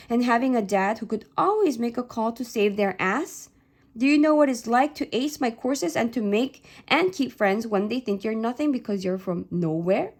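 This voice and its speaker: A furious young woman unleashes accusing, impassioned questions at her father in a read-aloud novel, as a woman voices her. The tone is raised and slightly gravelly. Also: on the high side, a little mellow.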